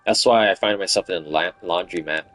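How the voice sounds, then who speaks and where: A man's voice: low voice, a little fast, fairly bright tone, soft background music. A man streaming a game with casual chatty commentary, laughing often and humming along, his voice tired after hours of talking. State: voice fatigue.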